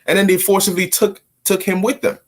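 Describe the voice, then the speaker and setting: A man teaching a casual bible study, slangy and animated, often repeating words as he restarts. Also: sits high, fairly quick. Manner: slangy, stammering repetitions, animated. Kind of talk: casual scripture commentary.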